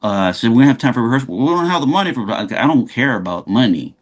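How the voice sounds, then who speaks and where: A man, an actor guest in a casual interview, telling animated stories and acting out the dialogue. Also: medium pitch, quick pace. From Los Angeles. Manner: animated storyteller who acts out quoted dialogue.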